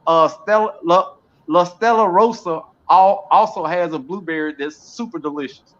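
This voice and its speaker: A man's voice: high-pitched, moderate pace, fairly bright tone. A man co-hosting a live stream, joking and reading viewer comments aloud. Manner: reads out viewer comments, jokey, laughs. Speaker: co-host of a live gardening stream. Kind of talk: casual live-stream chat. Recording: dull lo-fi stream audio.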